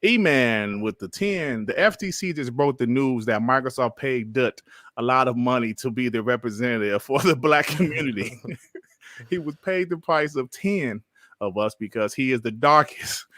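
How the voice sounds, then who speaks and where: A man's voice: mid-range voice, fairly bright tone, no room sound, studio quality. A man hosting a casual gaming podcast, talking in slang, filling with "you know" and laughing often. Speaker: podcast host.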